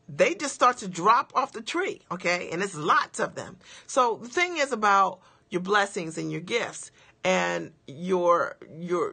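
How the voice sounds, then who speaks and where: Gravelly, bright-voiced woman coaching. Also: medium pitch. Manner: emphatic, checks in with the audience after each point; asks rapid rhetorical questions. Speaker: business coach. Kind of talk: motivational coaching livestream.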